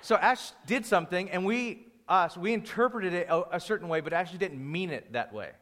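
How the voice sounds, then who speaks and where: A pastor teaches a church class in a relaxed, conversational way, full of restarts and stories. His voice sits a little high for a man. The sound rings with the long reverb of a large hall. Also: brisk. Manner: conversational, restarts and anecdotes, rising energy when storytelling.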